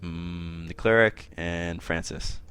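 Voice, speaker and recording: Deep-voiced man running a tabletop game. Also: steady tone, slow pace, a bit bright, slight background noise. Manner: casual, laughing often, thinking aloud with fillers. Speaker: game master.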